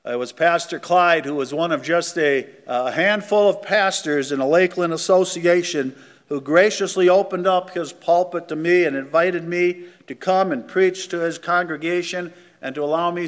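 Earnest man introducing a preacher in church. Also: a little high. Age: older. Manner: earnest, halting, grateful. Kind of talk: formal introduction. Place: church sanctuary. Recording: long church reverb.

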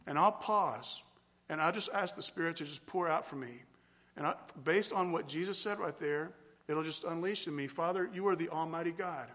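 A male pastor preaching a sermon in a church, earnest and deliberate, drifting into spoken prayer. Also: a little high, sharp tone. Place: church sanctuary. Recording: long church hall reverb.

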